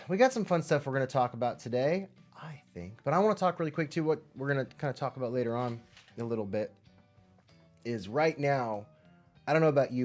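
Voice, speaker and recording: A man hosting a live music and movement lesson for children, chatting straight to the kids in an upbeat way and often dropping to soft, near-whispered asides. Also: medium pitch. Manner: swings from loud excitement to soft near-whispers. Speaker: children's music teacher and host. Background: faint background music.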